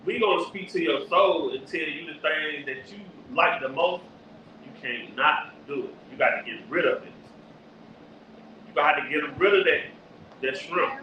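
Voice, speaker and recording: A man preaching forcefully on the street, teaching from scripture and directing a reader. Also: fairly high pitch, moderate pace. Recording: echoey, distant, dull lo-fi with faint noise.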